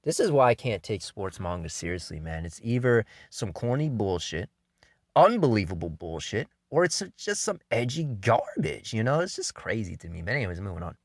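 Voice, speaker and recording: A male manga reviewer rants in a profane, exasperated, mocking tone. His pitch swings widely from phrase to phrase. The sound is dry and close. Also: sing-song, moderate pace, dry recording. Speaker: manga reviewer, channel host. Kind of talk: opinionated rant review.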